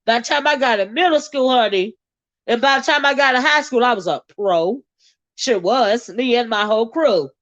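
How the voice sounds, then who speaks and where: A woman with a Southern US accent, hosting a casual livestream chat, sassy and quick to laugh, with drawn-out exclamations. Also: a little high, a bit bright, dry recording. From American South. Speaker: livestream host reading viewer comments.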